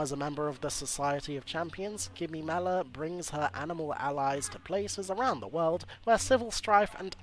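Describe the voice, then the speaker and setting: A man's voice: medium pitch, fairly bright tone, low-quality recording. A man hosting a let's play, reading hero bios aloud and joking between them in a chatty way. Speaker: gaming channel host.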